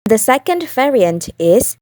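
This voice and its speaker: A young woman from Indonesia, a university student, narrating a prepared phonetics explanation in a careful, even reading voice. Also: on the high side, a little slow, dry recording. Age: young adult. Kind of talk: scripted narration.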